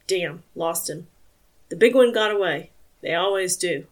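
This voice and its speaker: A woman's voice: fairly low pitch, a little slow, lightly acted. A woman reading the lines of an easygoing man who rambles as he recalls past gatherings, in an audiobook. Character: adult man, easygoing Southern family friend.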